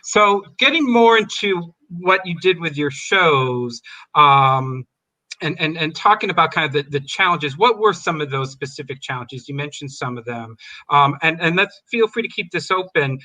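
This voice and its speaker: Bright-voiced male host asking rambling questions. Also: on the high side, animated, normal speed. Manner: rambling questions with many fillers. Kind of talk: hosted panel chat. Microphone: video call.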